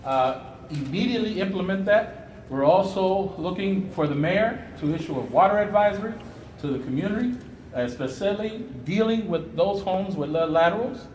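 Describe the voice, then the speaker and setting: A high-pitched man gives an impassioned press conference statement. His delivery is fiery and preacherly, climbing into outrage, and his voice rings through an echoey hall over faint background noise. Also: animated, moderate pace, darkish tone. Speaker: community activist at press conference.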